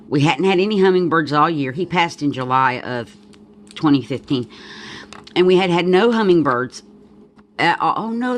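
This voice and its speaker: A woman's voice: deep voice, a little hiss or hum. A woman with a Southern accent chatting casually while making a journal at home, thinking aloud and wandering off into asides. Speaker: crafter demonstrating a journal. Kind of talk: casual crafting chat.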